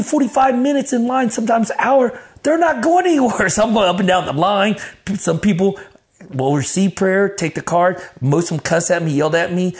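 Animated man telling stories, cussing freely. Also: sits high. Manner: animated, profane, acts out quoted voices. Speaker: guest. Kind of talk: casual storytelling in an interview.

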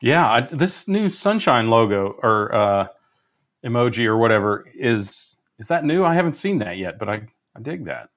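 A man's voice: medium pitch, big pitch swings, moderate pace, fairly bright tone. A man co-hosting a talk show, laid-back and chatty with wry asides. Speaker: co-host. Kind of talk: casual chat.

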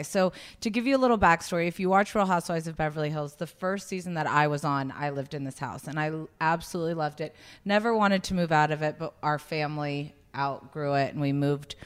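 A woman in her thirties, a podcast guest, tells her story in a loose, chatty way. She often restarts her sentences. Her voice sits low. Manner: chatty, many restarts, acts out quoted voices. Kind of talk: casual storytelling.

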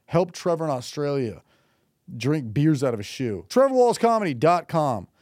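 Male podcast host, crude jokester, slightly high voice, dry close sound. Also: big pitch swings, normal speed, darkish tone, no echo. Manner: joking, crude, punchy delivery. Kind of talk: casual podcast chat.

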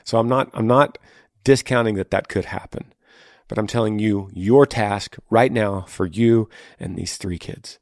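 A man's voice: on the low side, measured pace, dry recording, clean studio sound. A man hosting a podcast, giving earnest, encouraging faith-based advice to a listener and repeating phrases for emphasis. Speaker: podcast host answering listener questions.

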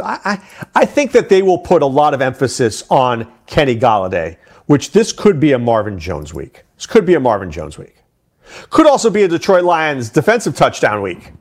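A middle-aged man talking through fantasy football picks as an analyst, animated, with quick asides and repeated words. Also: a little high.

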